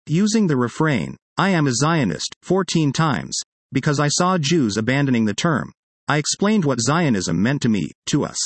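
A middle-aged man, a history professor, reading his own personal essay aloud in a measured, earnest way with deliberate pauses. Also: medium pitch, very animated, no room sound.

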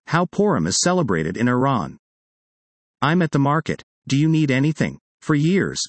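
A man's voice: medium pitch, no echo. A man reading a magazine article aloud in a plain read-aloud delivery. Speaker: reader.

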